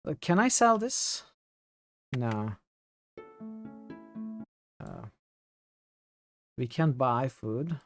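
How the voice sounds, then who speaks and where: A man's voice: mid-range voice, sing-song, extremely slow, pauses often, faint music behind. A man with a Turkish accent, a native Turkish speaker, chatting casually while he streams a game, thinking aloud and reading chat with lots of fillers. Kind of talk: casual gameplay commentary.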